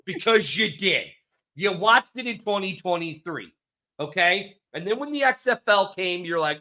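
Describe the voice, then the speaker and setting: A man's voice: high-pitched, lively intonation, normal speed, bright, forceful tone. A man co-hosting a casual sports talk show, emphatic and repeating his points for stress. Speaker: podcast co-host. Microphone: studio microphone.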